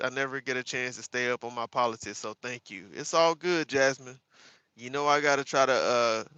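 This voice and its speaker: A man hosting a casual livestream, chatting with viewers by name, sarcastic and animated, calling his audience y'all. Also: medium pitch, clear, resonant tone, no echo. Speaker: livestream host. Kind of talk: casual live chat reading viewer comments.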